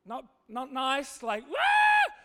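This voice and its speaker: A man preaching a sermon, telling a funny story in a relaxed, conversational way. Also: high voice, moderate pace, noisy background. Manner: conversational, humorous, animated storytelling. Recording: long hall reverb.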